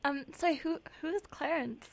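A woman's voice: high voice, normal speed, no echo. A woman co-hosting a radio talk show, polite and a little hesitant. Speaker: radio co-host.

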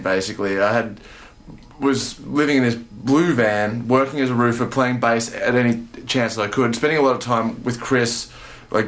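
A man's voice: medium pitch, fairly bright tone. A young man from Australia with a mid-range voice, telling his story with eager enthusiasm. He stops and restarts often and leans on fillers. His delivery stays casual and unpolished. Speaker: bass player and interview guest.

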